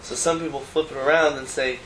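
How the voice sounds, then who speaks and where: A man's voice: medium pitch, steady tone, a little fast, a bit bright. Man teaching Talmud in an echoey room. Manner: explains text line by line, mixing Hebrew terms with casual asides. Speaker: Torah teacher. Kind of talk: Talmud class lecture. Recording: roomy echo, faint background noise.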